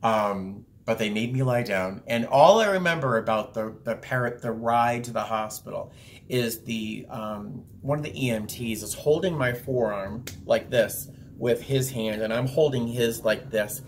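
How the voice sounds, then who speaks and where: A man's voice: mid-range voice, a little slow, a little hiss or hum. A young man telling a personal story to his camera in a rambling, casual way, full of fillers and restarts. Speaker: vlogger. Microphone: camera viewfinder, talking to camera.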